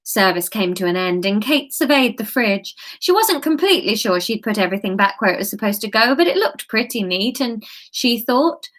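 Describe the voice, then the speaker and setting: A woman's voice: on the high side, animated, moderate pace, few pauses, fairly bright tone. A woman reading her own book aloud, breaking off into giggly, self-mocking asides. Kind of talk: casual read-aloud livestream.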